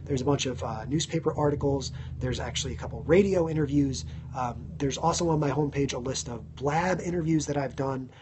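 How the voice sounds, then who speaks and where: A man around thirty hosting a casual live stream, chatting to viewers, thanking them by name and filling pauses with ums. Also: mid-range voice, a little mellow, a little hiss or hum. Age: 30s.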